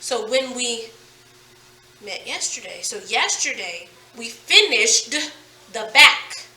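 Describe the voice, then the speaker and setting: High, bright-voiced woman teaching phonics. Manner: slow, emphatic, repeats words and sounds. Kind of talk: phonics lesson for children. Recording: echoey room, mic at a distance.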